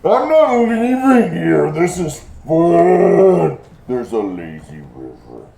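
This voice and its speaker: A man voicing a spoiled little demon boy, a prince of Hell, in a high, sing-song childish whine. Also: big pitch swings, takes it slowly, creaky, warm tone, full character voice. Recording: echoey room with faint noise.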